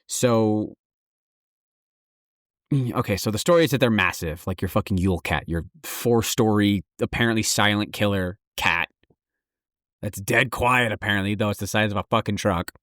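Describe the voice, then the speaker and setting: A man co-hosting a podcast in casual chat, swearing freely and joking with animated energy. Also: on the low side, moderate pace, dry recording, clean studio sound. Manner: profane, animated, jokey. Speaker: podcast co-host.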